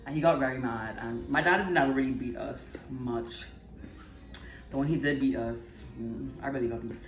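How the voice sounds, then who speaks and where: A Trinidadian woman in her twenties telling stories and chatting casually while she cooks, going quiet for cooking asides. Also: very deep voice, normal speed, roomy sound. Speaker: channel host cooking. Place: home kitchen.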